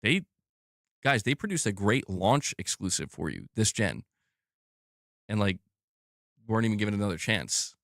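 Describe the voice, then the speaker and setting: A man's voice: fairly low pitch, big pitch swings, normal speed, gravelly, long pauses, fairly bright tone, no room sound, clean studio sound. Furious profane gaming streamer man. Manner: angry, profane, repetitive outbursts. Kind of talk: live stream rant.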